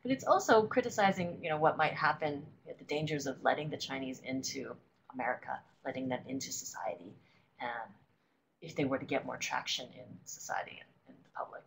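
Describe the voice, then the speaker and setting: A woman presenting a webinar lecture, explaining images at an unhurried pace with frequent ums and uhs. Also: a bass voice, gravelly, a little hiss or hum, low-quality recording. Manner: hesitant, many ums and uhs. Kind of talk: lecture on political cartoons.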